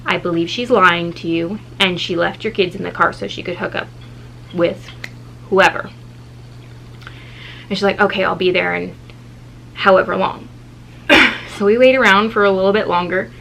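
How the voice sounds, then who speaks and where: Bright-voiced woman telling a story. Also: moderate pace, vocal fry, long pauses, a little hiss or hum, low-quality recording. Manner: animated, acts out quoted people with shifting pitch. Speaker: vlogger telling a story time. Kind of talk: casual storytelling.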